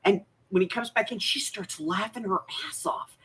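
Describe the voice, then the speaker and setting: A middle-aged woman hosting a craft livestream from her home desk, chatting casually and telling animated stories with frequent laughter. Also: mid-range voice, normal speed, breathy edge, low-quality recording. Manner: animated storyteller, laughs often. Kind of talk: casual chat while crafting.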